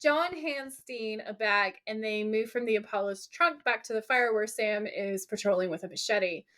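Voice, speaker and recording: A woman's voice: mid-range voice, normal speed, a bit bright. A woman in her forties co-hosting a podcast, enthusiastically recapping a TV episode in casual chat and swearing now and then. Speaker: podcast co-host.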